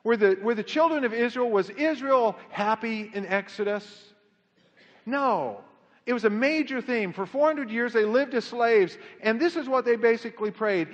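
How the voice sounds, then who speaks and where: A man preaching a sermon in an animated way, swinging his pitch up and down to act out quotes. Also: a little slow. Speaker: pastor. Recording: dull lo-fi sound with long hall reverb.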